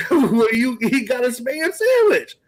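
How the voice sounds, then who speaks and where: A man's voice: extremely high pitch, big pitch swings, unhurried, low-quality recording. A man co-hosting a casual talk show, rambling through stories and swearing often. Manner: rambling, swears freely, trails off. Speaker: podcast co-host. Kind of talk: casual chat.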